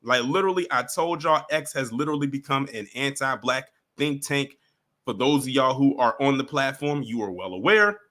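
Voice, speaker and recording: Bright-voiced man giving casual commentary. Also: medium pitch, normal speed. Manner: talks straight to viewers, emphatic, repeats himself. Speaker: commentary vlogger.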